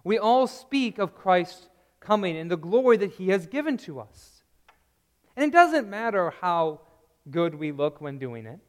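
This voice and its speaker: A man preaching a sermon in a slow, earnest way, dropping to a hushed tone on key phrases, recorded in a church. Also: high voice, sing-song. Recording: long reverb of a large hall.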